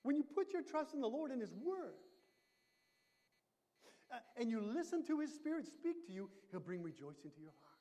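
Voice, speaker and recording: A man preaching a sermon, emphatic, swinging between loud declarations and hushed asides. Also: very high voice, big pitch swings, normal speed, pauses often, long reverb tail. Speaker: pastor.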